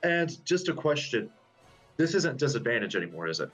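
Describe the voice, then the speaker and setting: A man's voice: mid-range voice, very animated, a bit bright, faint music behind. A man playing in a tabletop game, talking casually and hesitantly with lots of ums. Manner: unhurried, hesitant, many ums. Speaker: player. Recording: dull lo-fi recording.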